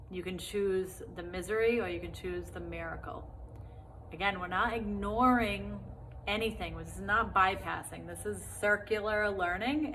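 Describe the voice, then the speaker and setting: A woman leads a self-love lesson in a relaxed, conversational way, often checking in with "right?" and "like". Her voice sits slightly low for a woman. A faint background noise runs under the recording. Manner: casual, encouraging, many fillers like "right?" and "like". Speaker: self-love course teacher. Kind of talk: spoken course lesson.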